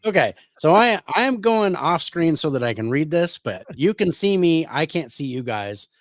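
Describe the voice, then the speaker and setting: A man's voice: fairly high pitch, very animated, moderate pace, dry recording, clean studio sound. A man co-hosting a podcast, chatting casually and then reading a prepared history script while a bit under the weather. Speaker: podcast co-host.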